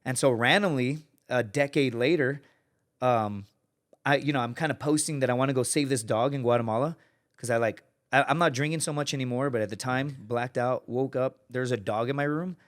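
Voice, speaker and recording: As a guest on a podcast, a man in his thirties swaps casual, cuss-filled stories at a fairly quick clip. His pitch is medium, and he brings his anecdotes to life by acting out whoever he quotes.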